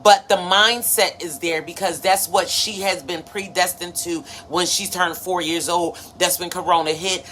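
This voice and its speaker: A woman's voice: lowish voice, steady tone, normal speed, few pauses, fairly bright tone. A woman in her thirties hosting a motivational live stream, preachy and conversational, greeting viewers by name. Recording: faint background noise.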